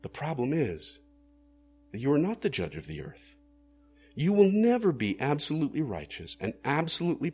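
A man's voice: mid-range voice, darkish tone, slight background noise. A male pastor preaching a sermon in an earnest, questioning way that rises to emphatic bursts.

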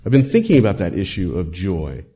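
Lively, emphatic male preacher. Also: low-pitched, fairly quick. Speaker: pastor. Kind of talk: sermon.

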